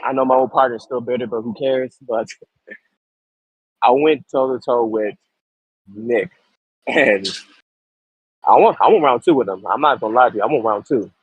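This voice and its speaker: A husky young man chats eagerly in a wrestling post-show interview, slangy and quick to laugh. His voice is dry and dull, as if from a cheap mic. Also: medium pitch, no echo. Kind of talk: casual wrestling promo.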